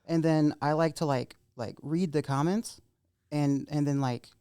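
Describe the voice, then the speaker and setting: A man in casual podcast chat talks in a slightly high voice and rambles loosely, swearing all the time and saying "like" over and over. His voice sounds dry and close, with no room echo. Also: unhurried, dark tone, clear, resonant tone. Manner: rambling, swears constantly, says "like" a lot. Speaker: podcast guest.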